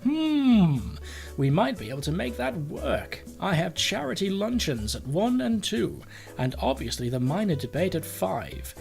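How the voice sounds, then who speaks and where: A man voicing a friendly male cat running for president, reading game text aloud with meows dropped in, lively in pitch over faint music. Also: unhurried, creaky, exaggerated voice. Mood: earnest. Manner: reads cat meows flatly into his lines.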